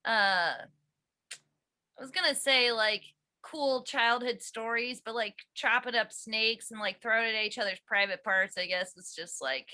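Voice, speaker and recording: A woman from West Virginia does a rambling, giggly stand-up bit. She speaks slowly in a high, bright voice and keeps laughing at herself. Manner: rambling, giggly, self-deprecating. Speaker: comedian and show host. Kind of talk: stand-up set. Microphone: online show, own mic.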